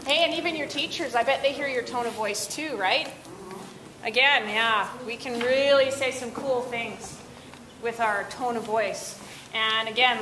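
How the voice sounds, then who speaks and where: A woman leads teenagers through a lively workshop, tossing questions to the room. Her voice is bright and a little high. The classroom sound is echoey with a faint hiss behind her. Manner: upbeat, asks the class questions. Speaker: workshop presenter. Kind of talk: interactive talk to teens.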